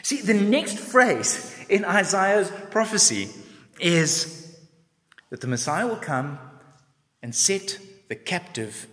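A man delivers a sermon with expressive storytelling, slipping into voices and pausing on reflective questions. His voice sits a little higher than most men's. The sound carries the long reverb of a large hall. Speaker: preacher.

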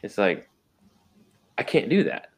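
A man talking earnestly in a casual faith discussion, restarting sentences and firing off rhetorical questions. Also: a little slow.

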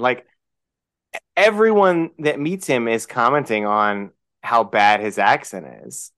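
A man's voice: mid-range voice, lively intonation, slow pace, a bit bright, clean tone. A man co-hosting a podcast, chatting about a film and asking questions as he thinks aloud. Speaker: podcast co-host. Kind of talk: casual film discussion.

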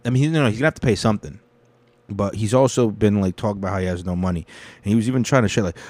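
A man's voice: on the low side, rapid-fire, darkish tone, dry recording. A young man hosting a casual news commentary, rambling and swearing freely. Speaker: show host.

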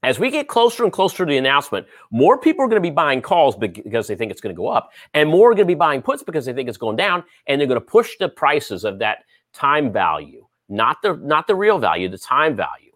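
A man's voice: mid-range voice, very animated, fast talker, few pauses, a bit bright, dry recording. A man hosting a casual trading show, talking through stocks in a rambling way with many fillers and sports analogies. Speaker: host. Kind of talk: casual market commentary.

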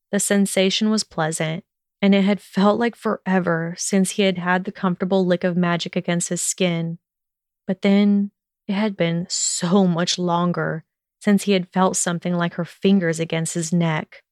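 Smooth-voiced woman reading a story. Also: on the low side, darkish tone, no echo, clean studio sound. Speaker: narrator. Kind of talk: fan fiction reading.

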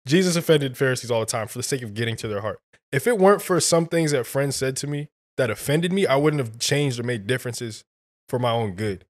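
A man with a mid-range voice tells a story on a podcast. He speaks in a slangy, animated way, leaning on casual filler. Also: mid-range voice, fairly quick. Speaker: podcast guest. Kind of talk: casual conversation.

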